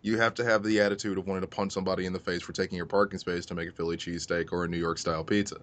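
A man hosting a podcast in casual chat, wry and halting, often repeating himself and laughing. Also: low-pitched, flat delivery, a bit bright. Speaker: podcast host.

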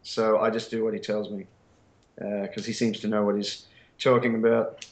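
A man's voice: fairly low pitch, flat delivery, moderate pace, a little mellow. An Australian man chatting as a podcast guest, rambling and wry, poking fun at himself with lots of ums and uhs. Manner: rambling, wry and self-mocking, with many fillers. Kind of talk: casual chat. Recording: roomy echo.

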